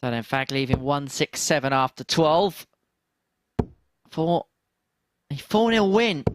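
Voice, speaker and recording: A man giving live darts commentary, calling scores and finishes with measured play-by-play and dry asides. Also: a little high, lively intonation, noisy background.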